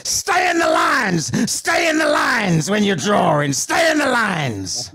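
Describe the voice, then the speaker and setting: A man doing a shrill nagging art teacher. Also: big pitch swings, creaky, breathy edge, full character voice. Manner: shouted, slow, drawn-out repetition.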